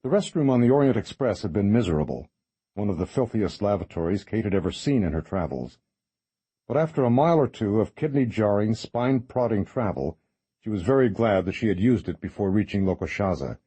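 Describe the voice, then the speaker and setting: Deep, husky male narrator. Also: expressive, brisk, warm tone, no echo. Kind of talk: scripted audiobook narration.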